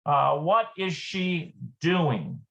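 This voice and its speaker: A Hebrew teacher giving a live online lesson, thinking aloud, hesitant and repeating words slowly. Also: mid-range voice, lively intonation, gravelly, fairly bright tone, dull audio.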